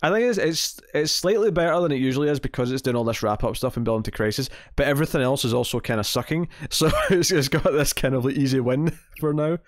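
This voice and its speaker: A man's voice: medium pitch, fast, hardly any pauses, dry recording, clean studio sound. A man hosting a casual comics TV podcast, rambling and correcting himself, often laughing. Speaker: podcast host.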